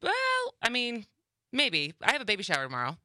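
A woman's voice: a little high, wildly swooping pitch, fairly quick, bright, forceful tone, dry recording. A young woman hosting a radio talk show, chatting casually and laughing easily as she interviews a guest.

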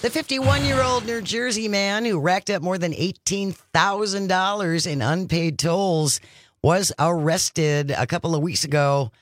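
A woman's voice: fairly low pitch, measured pace, no room sound. A woman hosting a radio talk show, chatting casually and reading news items aloud in a studio. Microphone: studio microphone.

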